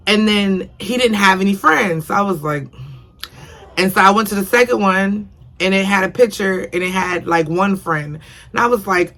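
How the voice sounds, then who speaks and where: A woman's voice: medium pitch, moderate pace, a bit bright. A young woman casually telling a personal story on her vlog, rambling and repeating herself, earnest and emotional. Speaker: vlogger.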